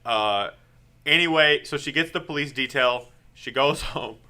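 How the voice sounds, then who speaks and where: A man's voice: mid-range voice, clear, resonant tone. A man co-hosting a podcast, casually recapping a comic book, acting out characters' lines with laughter. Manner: animated retelling with quick acted-out quotes and laughs. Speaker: podcast co-host.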